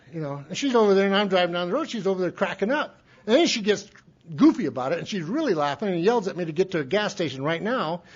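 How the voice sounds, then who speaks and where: A man's voice: a little high, breathy edge. A man from Montana telling a rambling, folksy story as a speaker at a recovery meeting, with frequent restarts and chuckles. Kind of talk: storytelling talk. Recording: dull lo-fi tape recording.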